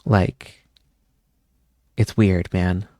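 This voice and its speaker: A young man from Pennsylvania hosts a live stream, rambling in easy, casual chat and drifting off on tangents. His voice is on the low side and sounds dry and close to the mic. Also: little pitch movement, extremely slow, mellow, dry recording. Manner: rambling, chatty, wanders off on tangents. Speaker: livestream host.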